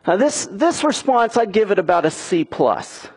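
A man's voice: high-pitched, animated, moderate pace, few pauses, a little mellow, breathy edge. A man preaching a sermon as a pastor, earnest and pushing his points with emphatic questions.

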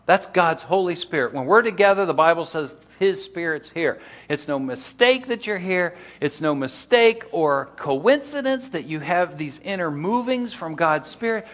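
A man's voice: on the high side, animated, a little slow, fairly bright tone. A middle-aged man preaching a sermon as pastor, in a loose conversational way with frequent restarts and asides.

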